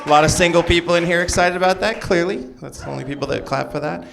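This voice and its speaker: A man's voice: on the high side, quick pace, creaky, noisy background. A young man performing a loose, jokey stand-up set on a club stage, talking to the audience between bits. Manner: loose, jokey delivery with asides to the crowd. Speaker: stand-up comedian. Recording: live club recording with crowd. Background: audience laughter and clapping.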